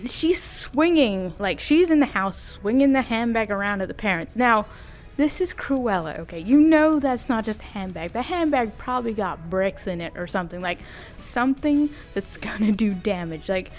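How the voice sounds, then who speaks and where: A woman giving a casual, animated recap of a cartoon while she draws, slangy and amused. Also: mid-range voice, normal speed, faint music behind. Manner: animated, amused, often laughing; slangy, conversational. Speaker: video creator.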